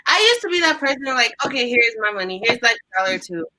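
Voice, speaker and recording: Animated young woman telling stories. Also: a little high, quick pace, low-quality recording. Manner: animated storyteller, acts out quotes. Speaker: guest. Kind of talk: casual storytelling chat.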